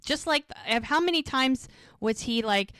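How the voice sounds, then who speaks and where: Recapping a TV episode in casual detail, a podcast co-host acts out quoted lines in a high-pitched, somewhat bright, clear and resonant voice with lively intonation. She speaks at normal speed in a dry, clean studio recording.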